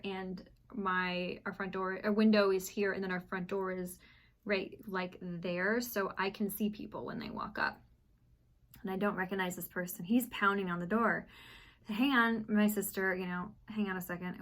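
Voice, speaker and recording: A young woman from Texas telling a story in a casual vlog at home, animated and acting out what people said. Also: mid-range voice. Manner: animated, acts out quoted voices. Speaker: vlogger. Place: apartment at home.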